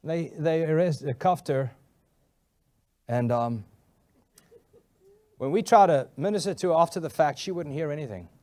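A male pastor telling a funny story in a sermon, animated and laughing often. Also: on the high side, measured pace, pauses often.

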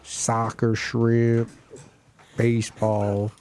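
A man hosting a comedy podcast in a deadpan, rambling way, stacking absurd lists. He talks slowly at a middling pitch. Loud music blares behind him. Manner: deadpan rambling list riffs. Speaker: podcast host.

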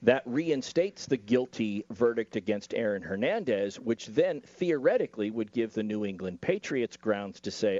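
Measured man explaining legal points. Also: fairly low pitch, lively intonation, warm tone, no echo, dull audio. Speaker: legal commentator. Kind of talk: legal discussion panel.

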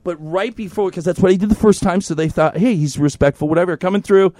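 A man co-hosting a casual podcast, telling stories in an animated, profanity-laced way. His voice sits on the higher side for a man. The sound is dry and close. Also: quick pace, no echo. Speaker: podcast co-host. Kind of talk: casual chat, storytelling. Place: podcast studio in North Hollywood.

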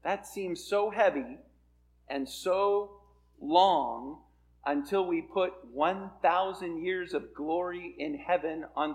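A man preaching a sermon as a pastor, earnest and building to emphatic peaks. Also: high voice.

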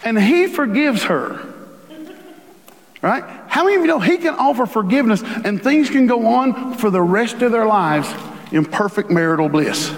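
A man preaching a sermon as a pastor, animated and acting out the voices he quotes. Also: high-pitched, normal speed. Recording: reverberant hall.

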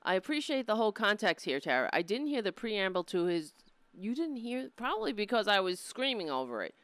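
A woman's voice: medium pitch, fairly quick, no room sound. A woman hosting a live political commentary stream, exasperated, mocking and swearing often. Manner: profane, exasperated, mocking, animated.

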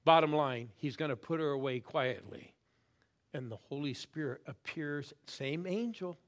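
A middle-aged man preaching a sermon, swinging from loud calls to quiet, intense asides and pushing the crowd to answer back. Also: on the high side, a little slow. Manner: urges the crowd to respond. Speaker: guest preacher.

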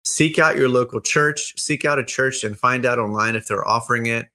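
Bright chatty man hosting. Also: mid-range voice. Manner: upbeat, chatty, quick to laugh. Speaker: host. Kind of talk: casual chat.

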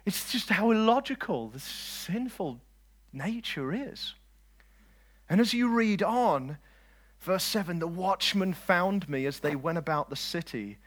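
A man preaching a lively sermon, swinging between loud declarations and quiet asides and joking with his listeners. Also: sits high, unhurried. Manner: jokes with the audience.

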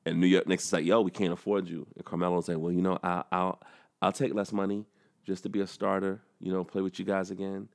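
A man's voice: low voice, quick pace, creaky. A man co-hosting a podcast, talking in a casual, joking way and laughing often. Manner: animated, laughs a lot, slips into joking impressions. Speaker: podcast co-host. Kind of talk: casual chat.

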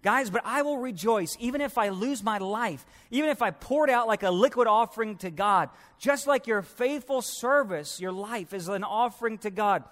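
A preacher playing an earnest, pleading apostle. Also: male voice, high voice, expressive, normal speed, hardly any pauses, a bit bright, in a large hall, pitched above the performer's own voice. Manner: fervent, urgent, pleading.

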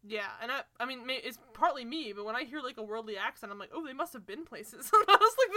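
High bright-voiced young woman chatting. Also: quick pace, few pauses, no echo. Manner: animated, laughs often, trails off mid-sentence. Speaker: podcast co-host. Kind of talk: casual chat recapping a TV show.

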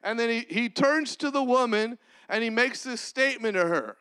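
A man preaching a sermon as a pastor, with long pauses and sudden drops to a soft voice. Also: extremely high pitch, lively intonation, clear, resonant tone.

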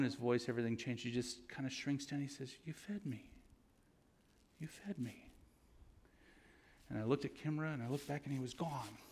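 A man's voice: medium pitch, in a large hall. A man giving an earnest, conversational sermon with stories, ending in prayer. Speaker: guest preacher.

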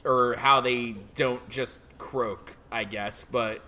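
A young man co-hosting a casual podcast chat, relaxed and wry with a teasing edge. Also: medium pitch, takes it slowly. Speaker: podcast co-host.

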